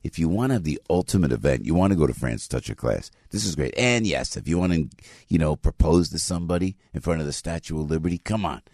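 A man's voice: very deep voice, animated, fast talker, gravelly, a little mellow, dry recording, clean studio sound. A man hosting a morning talk radio show, chatty and full of restarts as he reads live ads.

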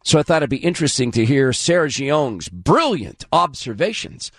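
A man hosting political commentary, delivering scripted segments with a mocking, scornful edge while hoarse. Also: medium pitch, very animated, normal speed, a bit bright, no echo, studio quality. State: hoarse, losing his voice.

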